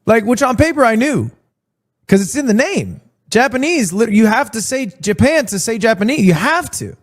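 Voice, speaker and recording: A man's voice: extremely high pitch, normal speed. A young man streamer telling stories in casual chat, acting out quotes as he goes. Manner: animated storytelling with mock quotes.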